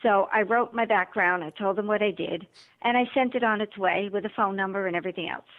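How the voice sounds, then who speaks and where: A woman's voice: medium pitch, brisk. A woman guest, an author and motivational speaker, telling her story in an interview and acting out the dialogue. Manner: animated, acts out quoted dialogue. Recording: tinny phone line.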